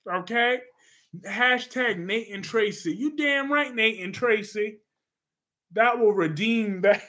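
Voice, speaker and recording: A man hosting a casual livestream, reacting to viewer comments with animated repetition. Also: high voice. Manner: animated, repeats phrases for emphasis. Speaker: livestream host reading comments.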